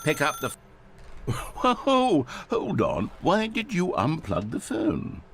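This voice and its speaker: A wry, fussy game narrator. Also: male voice, a little high, huge pitch swings, slow, a bit bright, slight background noise, exaggerated voice. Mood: teasing. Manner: dry, teasing, self-important.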